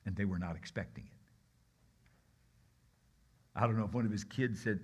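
Animated storytelling preacher, man. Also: lowish voice, normal speed, long pauses, husky. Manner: animated, acts out voices, leads the crowd in repeating lines. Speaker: guest pastor. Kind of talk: storytelling sermon.

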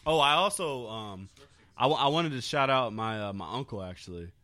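A man's voice: medium pitch, expressive, normal speed, sharp tone, dry recording. A young man co-hosting a casual drinking podcast, talking loosely with crude jokes and laughs. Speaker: podcast co-host.

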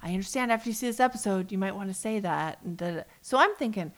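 A woman co-hosting a podcast, chatting casually and animatedly, dropping into hushed asides. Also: medium pitch, fast. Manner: animated, drops into hushed asides and mock voices. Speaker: podcast co-host. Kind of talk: casual chat recapping a reality show.

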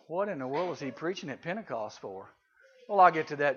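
Speaking briskly with big pitch swings, a middle-aged man addresses youth at a camp in a high, bright, forceful voice. His folksy talk mixes homely stories with sound effects and little voices, and the lo-fi recording sounds dull.

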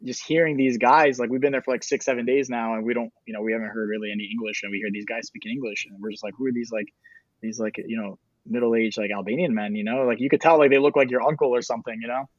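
Fast rambling male guest, dull dry mic sound, many restarts. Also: medium pitch, steady tone, dry recording. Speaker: documentary filmmaker guest. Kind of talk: casual interview storytelling.

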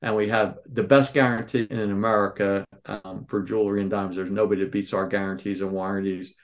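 A man's voice: lowish voice, a little fast, muffled recording. A man in his sixties, a store owner, telling stories as a podcast guest and acting out the people in them. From Philadelphia area. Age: 60s. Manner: animated storyteller, acts out quoted voices. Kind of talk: storytelling interview answers.

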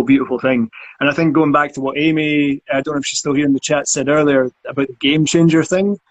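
A man's voice: mid-range voice, slightly rough. A man in casual conversation who talks earnestly about acting and often repeats words while he thinks.

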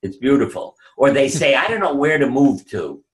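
A man's voice: medium pitch, big pitch swings, moderate pace. An older man telling personal stories in an interview, acting out what people said. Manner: anecdotal, acts out quoted voices. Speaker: guest. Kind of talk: storytelling interview.

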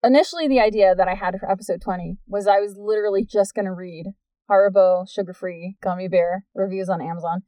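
A woman's voice: medium pitch, fairly even intonation, fast talker, no room sound, highs cut off. A woman co-hosting a podcast in casual chat, bubbly and laughing often. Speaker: podcast co-host.

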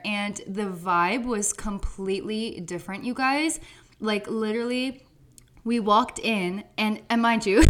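Chatty young woman telling stories. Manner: animated storytelling, acts out quotes in a high voice. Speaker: podcast co-host. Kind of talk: casual chat.

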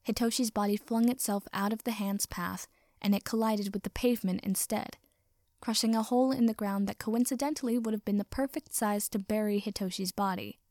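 A woman narrating fan fiction aloud in a measured, even storytelling voice. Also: medium pitch, dry recording, studio quality.

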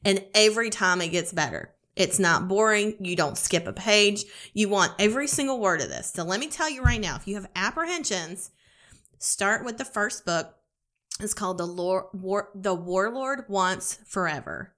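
Excitable woman gushing about books. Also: medium pitch, normal speed, few pauses. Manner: excited, gushing, swears freely. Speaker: podcast co-host. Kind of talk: casual chat about romance books.

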